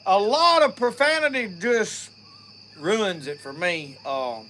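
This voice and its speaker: A middle-aged man with a Southern Mississippi accent rambles along in a folksy way, talking straight to his live-stream viewers. His voice sits high and sounds bright and forceful. Faint crickets and insects chirp in the background. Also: big pitch swings, takes it slowly, slight background noise. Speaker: outdoors channel host. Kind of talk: casual live-stream chat.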